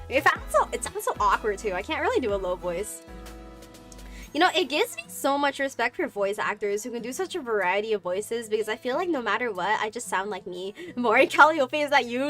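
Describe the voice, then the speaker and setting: A young adult woman streaming as a VTuber, chatting casually with her viewers in a rambling way, full of "like" fillers and giggles, with some vocal fry. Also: on the high side, very animated, moderate pace, bright, forceful tone, faint music behind. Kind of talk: casual chat reading viewer comments.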